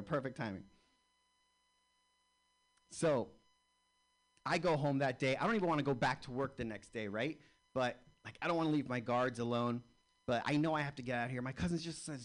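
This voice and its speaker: Stand-up comic, male, animated storyteller on a club stage mic, mid pitch. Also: fairly quick. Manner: animated storyteller, acts out dialogue. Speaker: stand-up comedian.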